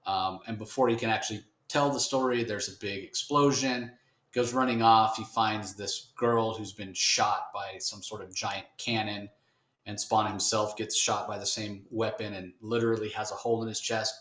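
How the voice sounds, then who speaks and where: A man's voice: lowish voice, steady tone, moderate pace, a bit bright. A man co-hosting a podcast, chatting casually and wryly as he reviews a comic, often restarting his sentences. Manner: rambling, wry, many restarts. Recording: roomy echo.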